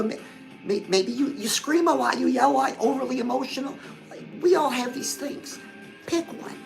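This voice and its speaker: Sassy high-voiced woman with gravelly edge. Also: rough recording. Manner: sassy, coaching, calls listeners "girl". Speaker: host. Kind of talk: livestream pep talk.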